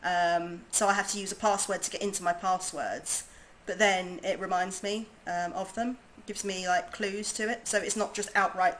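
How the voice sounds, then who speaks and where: Woman, southern English accent, game streamer, bubbly casual chat, middle pitch. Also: steady tone, moderate pace, a bit bright, slight background noise, low-quality recording. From southern England. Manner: chatty, bubbly, laughs easily.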